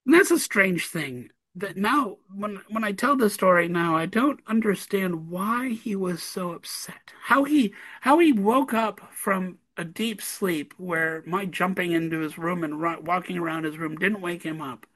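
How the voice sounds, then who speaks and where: A man, a parent of a toddler, telling a story in casual conversation, animated and laughing often between lines. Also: high voice, unhurried, hardly any pauses, poor audio. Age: adult parent of a toddler.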